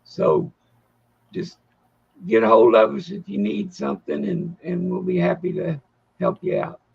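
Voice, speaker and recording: Male co-host, gravelly husky voice, slow rambling delivery. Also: sits high, sing-song, a little mellow, highs cut off. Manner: rambling, halting, folksy. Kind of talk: casual livestream chat.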